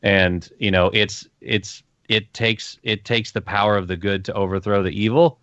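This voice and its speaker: A man's voice: on the low side, steady tone, moderate pace, fairly bright tone, dry recording. A man co-hosting a gaming podcast in casual chat, earnest and rambling, often repeating his phrases. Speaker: podcast co-host. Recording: dull lo-fi mic.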